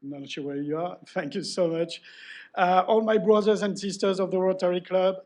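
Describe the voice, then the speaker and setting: A middle-aged man with a French accent gives a live acceptance speech, joking at his own expense as he thanks people by name. His voice sits fairly high for a man. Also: steady tone, normal speed, darkish tone. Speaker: award recipient giving a speech.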